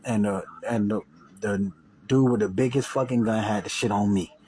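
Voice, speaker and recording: A man's voice: lowish voice, fairly even intonation, normal speed, rough recording. A man casually telling viewers a personal story, slangy and profane, repeating and restarting himself. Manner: slangy, profane, repeats and restarts, acts out quoted voices loudly.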